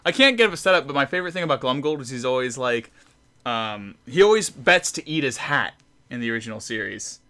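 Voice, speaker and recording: Host who rambles while drawing on stream, with a bright and very animated voice. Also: male voice, mid-range voice, fairly quick. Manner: rambling, self-deprecating, many restarts. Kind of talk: casual chat while drawing.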